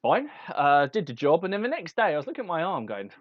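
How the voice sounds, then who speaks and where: A man's voice: a little high, sing-song, fast, no echo, dull audio. Man telling a rambling story, dry sound. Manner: rambling anecdote with many restarts. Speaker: podcast co-host. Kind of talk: casual chat.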